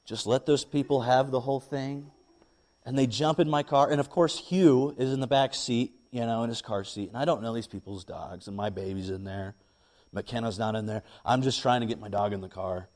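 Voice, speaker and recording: A young man, a pastor, preaching a sermon and telling a lively personal story. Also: mid-range voice, normal speed. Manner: animated storytelling, rising when excited.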